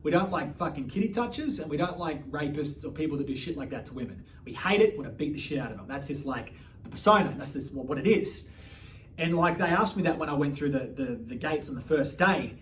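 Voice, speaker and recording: A man's voice: fairly high pitch, expressive, a little fast. Blunt man, distant mic. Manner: blunt, swears freely, restarts often. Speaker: life coach. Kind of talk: personal storytelling monologue. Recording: distant mic, faint background noise.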